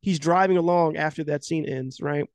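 A man's voice: on the high side, moderate pace, no room sound. Rambling, profane man in a casual chat. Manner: rambling with constant filler words, profane; animated, laughing retelling.

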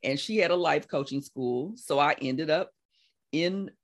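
Woman, 60s, life coach guest, chatty storyteller who bursts high when quoting. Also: measured pace. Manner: animated storyteller, acts out quotes with big laughing pitch jumps. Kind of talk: conversational interview.

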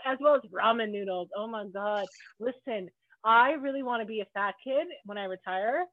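A woman's voice: mid-range voice, a little fast, no echo. Woman on a thin, phone-like line. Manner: loose, swearing, laughing between words. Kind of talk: casual chat.

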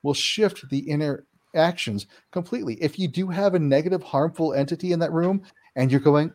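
A man being interviewed, answering in an expressive voice with a wide, lively pitch range. He acts out the reactions he describes in quick voiced asides. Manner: animated, acts out quoted reactions with big pitch jumps. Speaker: paranormal house-clearing practitioner, guest.

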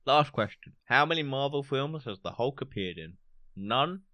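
Male podcast quizmaster, bright forceful tone, dry close mic, jokey delivery. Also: medium pitch, animated, no echo. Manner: playful, jokey, reads options with comic pauses. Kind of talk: casual podcast quiz.

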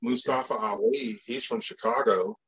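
Gravelly, husky man joking on a podcast. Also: on the low side, fairly even intonation, moderate pace, fairly bright tone. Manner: wry, joking asides. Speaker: podcast co-host. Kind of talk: casual watch-along chat.

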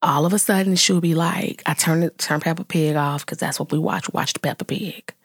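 A woman in her thirties, a mother vlogging to her viewers, telling a story in casual chat and venting with exasperated, animated exclamations. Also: low-pitched, fairly quick, gravelly, breathy edge, no echo, studio quality.

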